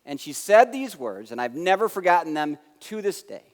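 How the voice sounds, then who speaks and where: An American man giving a conference keynote, telling a story with lively acted-out dialogue that swings between loud and soft. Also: a little high, normal speed. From United States. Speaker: keynote speaker. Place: large conference hall. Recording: long hall reverb.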